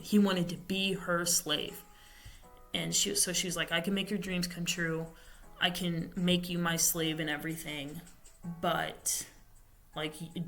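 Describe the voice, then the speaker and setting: A woman's voice: on the low side, fairly bright tone. A young woman on a podcast casually retelling a novel's plot, rambling with many fillers and self-corrections. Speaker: podcast host. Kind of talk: casual book recap.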